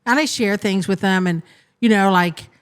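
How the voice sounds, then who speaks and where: A woman's voice: mid-range voice, normal speed, clean tone. A woman talking as a podcast guest, with a voice in the middle of the usual range. She is chatty and easygoing, and she fills her explanations with "you know" and "like". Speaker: guest, restaurant co-manager. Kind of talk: casual interview chat.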